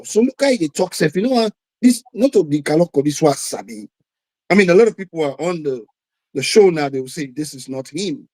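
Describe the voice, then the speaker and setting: A man's voice: sits high, a little mellow, poor audio. A man with a Sierra Leonean accent making emphatic points in a political discussion, repeating himself and mixing in Krio phrases. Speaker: guest.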